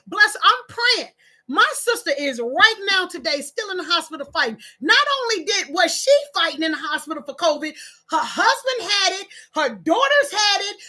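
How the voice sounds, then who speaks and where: A woman's voice: extremely high pitch, pushed and bright. A woman speaking straight to her followers in an emotional, rambling monologue, preachy and scolding like a stern auntie. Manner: impassioned and preachy, rambling with restarts. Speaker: social media creator. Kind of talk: emotional direct-to-camera monologue.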